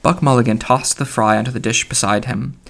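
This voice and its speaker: A man narrating literary fiction for an audiobook. His voice sits at a middling pitch with a gravelly, creaky texture. He reads in a measured way and sometimes stumbles and corrects himself. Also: fairly even intonation. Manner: measured, with occasional slips. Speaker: audiobook reader.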